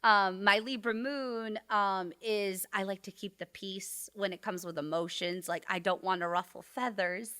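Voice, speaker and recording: Young woman guest, crisp bright voice, casual filler-heavy talk. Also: mid-range voice, fairly even intonation, measured pace, few pauses. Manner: chatty, slangy, many fillers. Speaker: podcast guest, astrologer. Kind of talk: casual chat explaining astrology.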